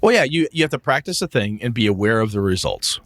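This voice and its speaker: A man's voice: medium pitch, big pitch swings, fast, a bit bright, dry recording, clean studio sound. A man co-hosting a podcast, talking in a casual, profane, rambling way and acting out the voices he quotes. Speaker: podcast co-host. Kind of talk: casual chat.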